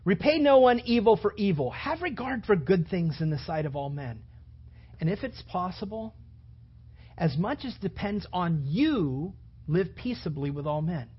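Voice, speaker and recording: Husky high-voiced man preaching. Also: very animated, normal speed. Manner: preaching with rising, emphatic bursts. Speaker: pastor. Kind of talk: sermon. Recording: dull lo-fi sound.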